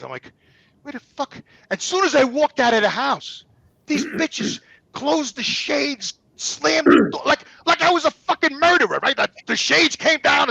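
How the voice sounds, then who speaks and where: A man's voice: extremely high pitch, creaky, bright, forceful tone, no echo. A man telling a personal story as a guest, in blunt, profane, repetitive talk. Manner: blunt, profane, repeats himself.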